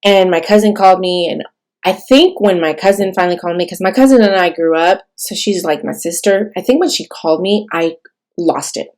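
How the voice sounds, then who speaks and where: Young woman from california, low-ish voice, shaky and halting, lots of likes and ums, telling her story to camera. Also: a little mellow. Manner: tearful, halting, many fillers and restarts. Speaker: vlogger sharing a birth story. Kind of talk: emotional personal storytelling.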